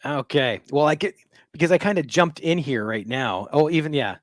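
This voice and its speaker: A man's voice: a little high, animated, normal speed, no room sound. A man hosts a live stream and chats in a friendly, easygoing tone. The sound is dry and close. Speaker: show host. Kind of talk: casual live-stream chat.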